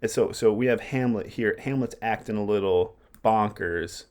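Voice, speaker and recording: A man talks through a play in a relaxed, chatty way. He often breaks off with fillers and corrects himself. His voice sits fairly low. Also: normal speed. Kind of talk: casual explanation of a play.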